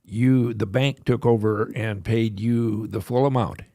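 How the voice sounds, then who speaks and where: A man hosting a podcast with a low, gravelly and husky voice. He asks direct, probing questions, recorded in a dry space. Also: steady tone, measured pace, mellow, no room sound. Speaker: podcast host. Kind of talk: interview questions.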